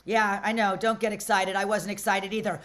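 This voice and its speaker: A middle-aged woman from Las Vegas hosting a comedy show, doing brash, rambling stand-up that often bursts out loud. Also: mid-range voice, flat delivery, fairly quick.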